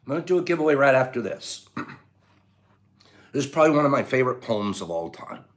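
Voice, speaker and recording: A man hosting a casual livestream, chatting playfully with viewers and reading their comments aloud, dropping to hushed whispers at times and breaking into loud laughter at others. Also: medium pitch, sing-song, fast talker. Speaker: livestream host.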